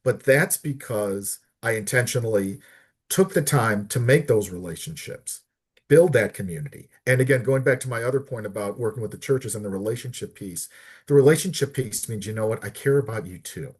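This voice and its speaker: A middle-aged man, a podcast guest, telling a personal story earnestly and haltingly, often repeating words as he searches for them. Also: medium pitch, expressive, husky. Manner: earnest, heartfelt. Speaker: podcast guest, disability advocate.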